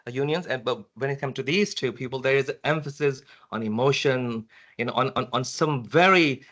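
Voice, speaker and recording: A man's voice: medium pitch, brisk, fairly bright tone. A man answering a question at an academic conference, full of fillers and restarts. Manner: hesitant, many restarts and fillers. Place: university lecture room.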